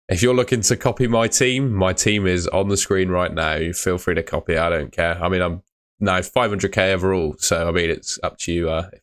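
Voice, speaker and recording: Young bloke live streaming, deep voice, chatty, says mate a lot. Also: male voice, a bit bright. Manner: casual, chatty, uses mate and fillers. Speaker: fantasy football streamer. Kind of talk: live stream chat reading comments.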